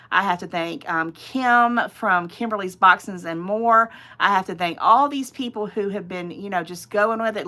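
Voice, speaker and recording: A woman's voice: medium pitch, pushed and bright. A middle-aged woman hosting her own channel's livestream, chatting casually and rambling off on tangents. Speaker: channel host.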